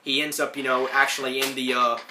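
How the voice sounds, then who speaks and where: A man's voice: medium pitch, little pitch movement, brisk, noisy background. A man hosting a podcast, giving a casual, rambling, enthusiastic recap of a cartoon, full of fillers. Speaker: podcast host. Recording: roomy echo.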